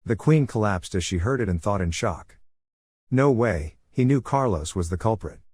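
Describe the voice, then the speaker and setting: A man with a somewhat low voice reads a fantasy comic recap as scripted narration. His delivery stays flat and even throughout. The recording is dry and close, with no room sound. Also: brisk, slightly rough, dry recording.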